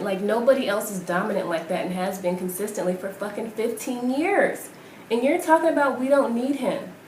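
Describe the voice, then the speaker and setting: A woman's voice: mid-range voice, darkish tone. A woman vlogger delivering a heated, profane rant, firing off rhetorical questions. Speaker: vlogger ranting about basketball. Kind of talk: profane angry rant to camera. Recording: roomy echo with faint noise.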